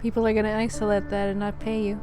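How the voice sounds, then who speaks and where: A woman's voice: mid-range voice, monotone, fast talker. A woman chatting casually as the host's friend, cutting in with dry, teasing questions. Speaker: co-host friend. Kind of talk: casual banter.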